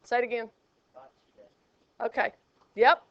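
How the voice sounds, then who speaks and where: A woman's voice: high-pitched, a little slow, pauses often, fairly bright tone, smooth, no echo. A woman math teacher, teaching a classroom and joking with her students. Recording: dull lo-fi classroom recording.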